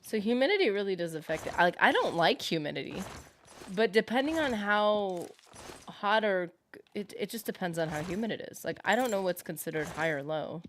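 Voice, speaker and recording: A woman livestreaming a game talks with her viewers in a loose, rambling way. Her voice sits at an ordinary middle pitch. She fills pauses with plenty of fillers and reads out the chat's comments as she goes. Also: animated, fairly bright tone, slight background noise. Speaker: streamer playing a game. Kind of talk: casual livestream chat.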